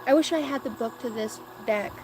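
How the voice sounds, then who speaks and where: A woman's voice: a little high, brisk, background noise. A woman doing a live-stream oracle card reading, chatting playfully and joking with her viewers.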